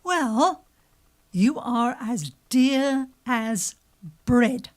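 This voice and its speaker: A woman's voice: on the high side, animated, very slow. A woman voicing an eager young princess who anxiously pleads with her father. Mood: pleading.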